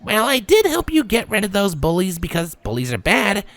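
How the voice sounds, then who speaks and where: A man's voice: high voice, wildly swooping pitch, moderate pace, a bit bright, dry recording, voice pushed up, exaggerated voice. A man voicing a brash, blunt young pegasus mare in a fanfiction reading, with a raised, teasing voice. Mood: breezy.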